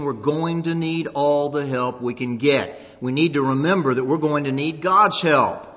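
A man's voice: on the high side, fairly bright tone. A male pastor delivers a sermon in a church sanctuary, earnest and pressing, doubling back on words as he stresses each point. His voice rings out with a long reverberant tail. The recording is dull and lo-fi. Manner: earnest, repeats words when emphasizing.

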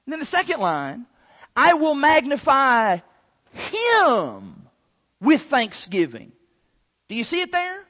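Male preacher, very high pitch, emphatic drawn-out delivery, muffled recording with long hall echo. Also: huge pitch swings, sharp tone. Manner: emphatic, drawn-out stresses on key words. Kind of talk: sermon. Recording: long hall reverb, dull lo-fi sound.

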